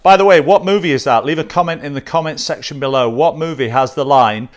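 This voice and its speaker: A man's voice: medium pitch, brisk, hardly any pauses, clear, resonant tone. A man hosting his own watch channel, chatting enthusiastically through a casual unboxing.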